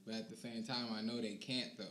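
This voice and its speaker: A young man co-hosting a podcast, chatting casually in a laid-back, rambling way that often trails off quietly. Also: on the low side, flat delivery, brisk. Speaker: podcast co-host. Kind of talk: casual chat. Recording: roomy with faint hiss.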